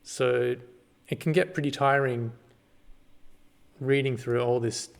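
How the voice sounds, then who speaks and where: A man casually walks through a screen-recorded tutorial, relaxed and halting, with lots of ums and restarts. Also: mid-range voice, vocal fry, smooth. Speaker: party volunteer giving a tutorial.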